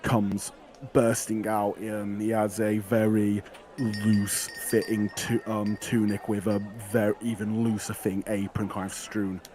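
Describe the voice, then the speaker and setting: A man's voice: fairly low pitch, level tone, a little slow, darkish tone. A man narrating as game master in a tabletop game, describing scenes at length. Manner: descriptive, with restarts and fillers.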